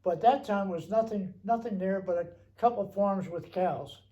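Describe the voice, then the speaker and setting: High-voiced, mellow older man reminiscing. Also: dull audio. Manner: rambling, halting, with many restarts. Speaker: veteran interviewee. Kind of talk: recounting memories.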